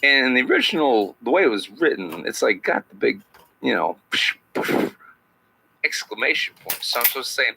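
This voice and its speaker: A man doing a satirical impression of an older male actor as a podcast guest, speaking in halting phrases with odd pauses. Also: mid-range voice, big pitch swings, vocal fry, bright, forceful tone, slightly rough, heavily acted, poor audio. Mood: storytelling.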